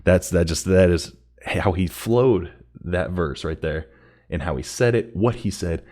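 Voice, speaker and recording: Deep-voiced excitable man reacting to music. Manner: excited, halting, repeats words, rises in pitch when thrilled. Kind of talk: casual reaction commentary.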